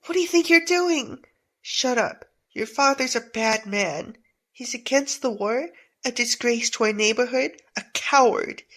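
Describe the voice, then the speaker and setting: A woman's voice: on the high side, measured pace, a bit bright. A woman doing a jeering schoolyard bully boy. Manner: taunting, jeering. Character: bullying boy, chairman's son, sneering.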